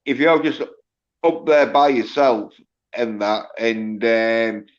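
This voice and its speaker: A man's voice: medium pitch, slow pace, lo-fi sound. A man with a Hull accent, rambling through casual chat with lots of fillers. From England. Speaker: chat participant.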